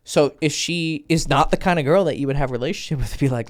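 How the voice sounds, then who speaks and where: A man's voice: on the high side, fast talker, few pauses. A man giving dating advice in a casual, blunt and profane way, often acting out both sides of a conversation. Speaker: dating coach. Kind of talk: casual instructional talk.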